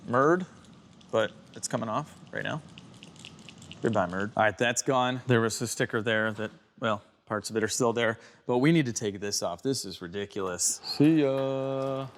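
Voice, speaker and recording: A man's voice: mid-range voice, normal speed. A young man from Chicago chatting and joking with viewers while he cleans and details a car. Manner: chatty, jokey, talks to viewers while working. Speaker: car YouTuber. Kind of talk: casual car-detailing vlog narration.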